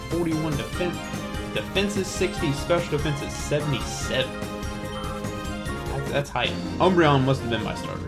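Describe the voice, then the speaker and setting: A man hosting a let's play with hype, slangy game commentary. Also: fairly high pitch. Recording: commentary over loud game music. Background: game music.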